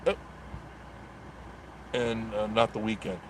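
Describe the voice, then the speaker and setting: A man's voice: lowish voice, little pitch movement, slow pace, a little hiss or hum. Chatty, jokey middle-aged man. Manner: rambling and jokey, reads comments aloud, chuckles often. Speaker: live-stream host reading viewer comments. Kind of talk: casual live-stream chat.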